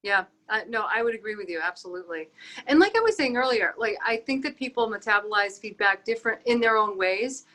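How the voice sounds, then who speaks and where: A woman's voice: medium pitch, lively intonation, a little fast, bright, forceful tone. A woman co-hosting a podcast, reflecting thoughtfully and thinking aloud as she talks. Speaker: podcast co-host. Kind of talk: conversational podcast discussion.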